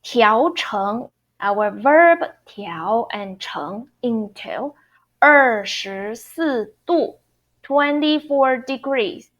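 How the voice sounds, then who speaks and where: Woman, 30s, online Mandarin teacher, slightly high voice, slow, careful step-by-step explaining. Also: lively intonation, fairly bright tone, dull audio. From Taiwan. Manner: patient, explains step by step, repeats words. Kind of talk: online language lesson.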